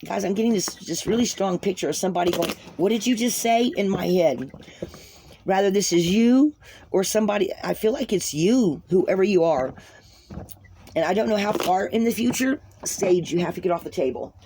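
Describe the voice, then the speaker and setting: This tarot card reader has a mid-range, mellow voice with lively intonation and a normal speed. She reads for her viewers in an earnest, meandering, repetitive way, addressing them as "guys," over a little background noise.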